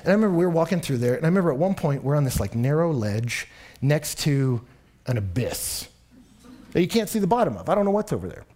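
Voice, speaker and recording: Young male preacher from Texas, husky tone, lively storyteller. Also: a little high, quick pace. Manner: animated storytelling, rising and louder in anecdotes. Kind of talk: sermon.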